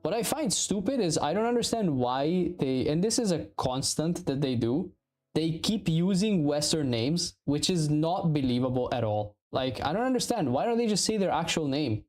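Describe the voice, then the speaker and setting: A man in his thirties from Italy with an Italian accent, chatting casually and profanely while streaming game development, rambling and animated. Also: a little high, moderate pace. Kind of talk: casual livestream chat.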